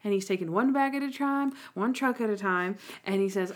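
A woman co-hosting a podcast in casual chat, recapping quickly and enthusiastically. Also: mid-range voice, a little mellow. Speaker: podcast co-host.

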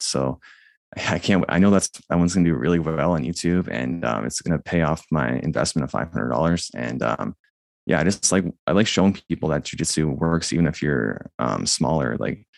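Very deep, gravelly monotone man. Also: dry recording. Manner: rambling, many fillers and restarts. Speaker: jiu-jitsu YouTuber and guest. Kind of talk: casual conversation.

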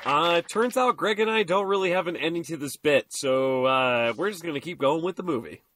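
A man's voice: fairly high pitch, fairly bright tone, some chatter behind, a little hiss or hum. A man co-hosting a podcast, tossing out goofy jokes and banter about a movie. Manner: goofy, quick banter and joking asides. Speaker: podcast co-host. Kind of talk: casual comedic movie commentary.

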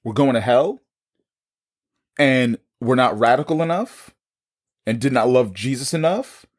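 A man's voice: medium pitch, measured pace. A man with a New York accent telling his own story in a casual podcast conversation, acting out the dialogue and repeating words as he goes.

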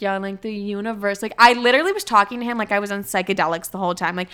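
A young woman hosts a podcast, delivering a casual storytelling monologue that is blunt and profane, with "like" constantly. Her voice is medium-pitched, pushed and bright, with a clean tone.

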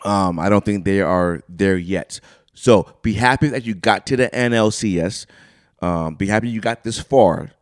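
A man co-hosting a casual beer-and-sports podcast, loud and joking, with sudden shouted bursts. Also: lowish voice, normal speed, dry recording, studio quality. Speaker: podcast co-host. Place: small room, two mics.

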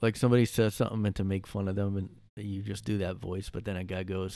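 A man's voice: sits low, flat delivery, quick pace, warm tone, no echo, studio quality. Rambling, joking podcast guy. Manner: rambling, joking, laughs at own bits. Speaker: podcast host. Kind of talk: casual solo monologue. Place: his room.

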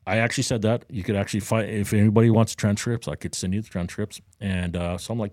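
A deep, mellow-voiced man spins a casual story on a podcast, jumping up in pitch whenever he acts out someone else's words. The recording is dry and close, with no room around him. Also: fast talker, few pauses, dry recording. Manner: animated, acts out quotes with a higher voice. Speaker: podcast co-host. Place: Daytona Beach, Florida.

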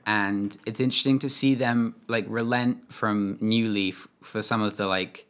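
A man's voice: fairly low pitch, fairly even intonation, measured pace, fairly bright tone, clear, resonant tone. A man talking casually about video games, hesitant and full of fillers. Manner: hesitant, lots of fillers and restarts. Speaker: podcast co-host.

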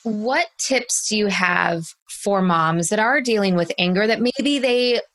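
A woman's voice: mid-range voice, a little slow, a bit bright. A woman hosting an interview, chatting loosely and asking long, rambling questions with fillers. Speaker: interview host. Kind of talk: conversational interview.

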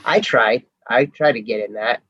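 A man co-hosting a casual podcast, jokey and quick to laugh. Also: medium pitch, bright, forceful tone, no echo, highs cut off. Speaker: podcast co-host.

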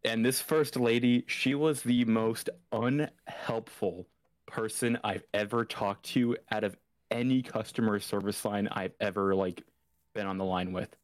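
Low-voiced man telling a story. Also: a little slow, dry recording. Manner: animated storyteller, acts out quoted dialogue. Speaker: podcast co-host. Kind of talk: casual chat.

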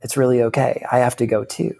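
Gentle angelic young woman, soft, slightly raised pitch, man putting her on. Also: flat delivery, quick pace, gravelly, close to an everyday voice. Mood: tender.

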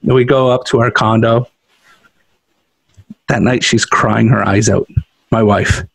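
A man with a slightly husky voice spins a funny personal story in casual podcast chat, laughing along the way. He is recorded in a makeshift studio, and the sound is dry with no room echo. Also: medium pitch, takes it slowly. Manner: animated storyteller who laughs often. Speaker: podcast co-host.

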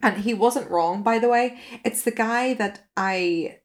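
A woman's voice: fairly high pitch, measured pace. A woman co-hosting a podcast, chatting casually and frankly, swearing freely and laughing at her own stories. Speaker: podcast co-host. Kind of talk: casual chat.

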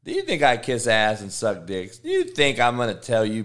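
A man, a football coach on a livestream, answering chat with profane, confrontational rants that swing from low mutters to loud, high tirades. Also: huge pitch swings, moderate pace, hardly any pauses. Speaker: football coach streaming live.

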